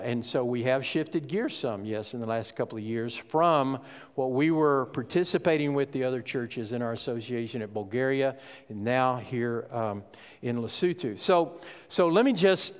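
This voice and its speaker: A man preaches from the pulpit in a relaxed, conversational way, checking in with the congregation and pausing on small fillers. His voice sits at an ordinary middle pitch, and the sanctuary gives it a long reverberant tail. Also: clean tone. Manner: conversational preaching, frequent "okay?" and "uh" asides. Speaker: pastor. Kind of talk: sermon.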